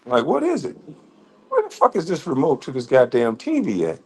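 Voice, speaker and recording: A man's voice: mid-range voice, wildly swooping pitch, normal speed, a little mellow, slightly rough. A man giving a casual, profane rant as a reaction commentator, blunt and laughing often. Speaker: commentator reacting to online critics.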